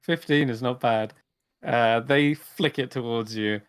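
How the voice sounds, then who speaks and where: A man's voice: mid-range voice, measured pace, clear, resonant tone. A man narrating as dungeon master in a tabletop game, loose and chuckling with fillers.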